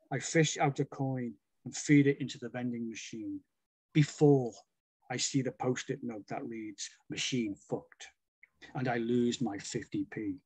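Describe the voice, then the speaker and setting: A man reading his own comic poetry on a video call, with a dry, deadpan delivery. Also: medium pitch, husky, no echo. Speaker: featured poet. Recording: dry close sound.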